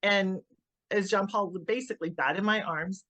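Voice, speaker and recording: A middle-aged woman, a grieving mother, giving an emotional personal account in an interview, often halting and repeating words as she restarts. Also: medium pitch, a bit bright, no room sound.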